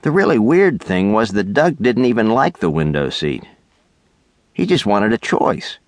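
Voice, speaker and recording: Low voiced guy reading a kids book, slow and bouncy, dry close studio sound. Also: no room sound. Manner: lively, expressive storytelling. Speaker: audiobook narrator. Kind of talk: scripted narration. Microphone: close studio mic.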